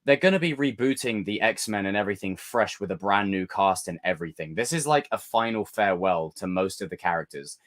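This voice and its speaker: A man's voice: lowish voice, animated, fairly quick, hardly any pauses, a bit bright. A man hosts a live stream, reading out viewer chat in a loose, casual way. He gets theatrical when he rants, and his voice rises and falls over a wide range. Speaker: livestream host.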